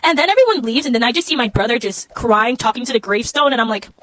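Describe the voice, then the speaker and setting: A woman telling a self-mocking story in an animated way. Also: a little high, fast, a little hiss or hum.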